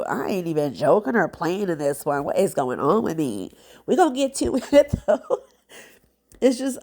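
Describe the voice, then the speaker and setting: A woman's voice: deep voice, gravelly, darkish tone. A woman, a mother, talking casually and heartfelt to camera as a nail vlogger, rambling with many fillers and sounding congested. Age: adult with children.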